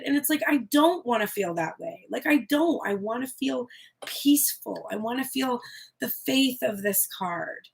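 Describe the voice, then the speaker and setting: Gravelly, husky woman reading tarot. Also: fairly high pitch, normal speed. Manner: candid, expressive, swears freely. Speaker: tarot reader.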